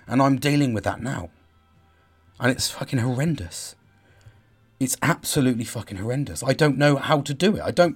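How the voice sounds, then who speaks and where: Emotional, swearing father. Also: mid-range voice. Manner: emotional, swearing, halting repetitions. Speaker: father talking to his audience. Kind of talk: raw personal video diary.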